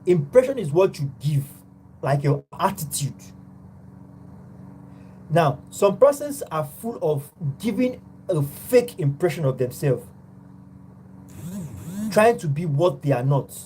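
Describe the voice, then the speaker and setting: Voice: medium pitch, very animated, slow pace, long pauses, dark tone, a little hiss or hum, rough recording. A tutor gives an online psychology class, explaining step by step and opening many points with "now".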